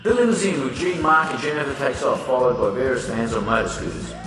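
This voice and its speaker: A man's voice: medium pitch, quick pace, few pauses, fairly bright tone, soft background music. A man narrating a comic book story in a plain, descriptive way. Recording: echoey hall, far from the mic.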